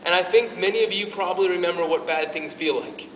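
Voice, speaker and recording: A man's voice: sits high, quick pace, a bit bright, distant mic, a little hiss or hum. Earnest man speaking in an echoey hall. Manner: earnest and emotional, with frequent restarts. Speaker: parish youth ministry speaker. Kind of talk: informal faith talk to a youth group.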